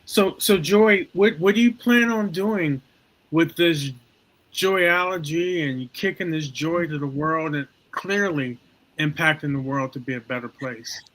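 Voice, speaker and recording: An earnest man hosting a podcast, encouraging his guest and repeating himself as he talks. His voice sits a little high and sounds bright and tense. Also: unhurried, poor audio. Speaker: podcast host. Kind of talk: casual interview talk.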